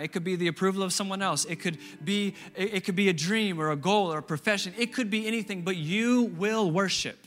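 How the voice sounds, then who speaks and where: A man's voice: high-pitched, pushed and bright. A man pastor preaching a sermon, emphatic and repeating key phrases for stress.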